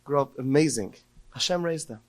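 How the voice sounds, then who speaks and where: A man's voice: medium pitch, normal speed, darkish tone. Man giving an emotional Torah talk. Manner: emotional storytelling, rising to cries when quoting prayers. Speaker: podcast speaker.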